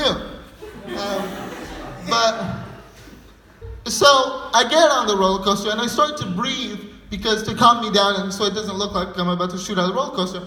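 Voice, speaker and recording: A man's voice: high-pitched, sharp tone. A young man performing a stand-up comedy set, telling a rambling story full of fillers. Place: live comedy venue. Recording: echoey hall.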